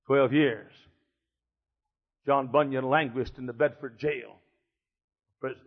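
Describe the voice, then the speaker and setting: An older man preaching a fiery sermon as pastor, emphatic and repetitive, swinging between shouts and hushed passages. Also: mid-range voice, fairly even intonation, moderate pace. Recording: dull lo-fi sermon recording.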